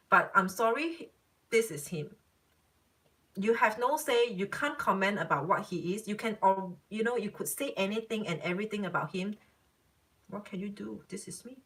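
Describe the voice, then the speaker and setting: A woman giving a live psychic reading in a blunt, emphatic way. She circles back and repeats herself to drive each point home. Her pitch sits in the middle range. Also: fairly bright tone, poor audio. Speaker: psychic reader. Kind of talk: live-stream reading, casual chat.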